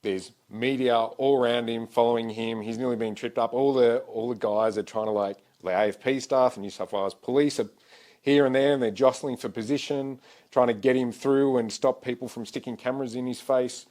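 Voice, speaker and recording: A man co-hosting a podcast, recounting a security job in a brisk, emphatic conversational way. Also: medium pitch, fairly even intonation, darkish tone. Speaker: podcast co-host. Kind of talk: casual conversation.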